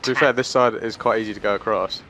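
A man's voice: fairly low pitch, fairly even intonation, fast, bright, forceful tone. A man chatting casually over a console voice call while gaming, jokey and swearing freely. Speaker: co-player. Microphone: voice chat through a game console.

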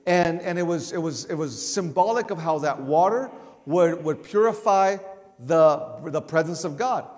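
A man leading a Bible study, talking in a loose conversational way, often restarting his words and raising his voice to act out shouts. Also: fairly high pitch, unhurried, big-room sound.

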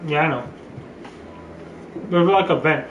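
A man's voice: fairly high pitch, unhurried, distant mic, lo-fi sound, background noise. A man hosting a casual gameplay session, joking, rambling and reading the game's text aloud. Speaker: let's play host. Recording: roomy sound from off-mic, game music. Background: game music.

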